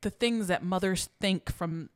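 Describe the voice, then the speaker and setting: A woman's voice: on the low side, measured pace, clear, resonant tone. A young woman co-hosting a podcast, telling a long emotional story in casual chat with lots of fillers and restarts. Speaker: podcast co-host.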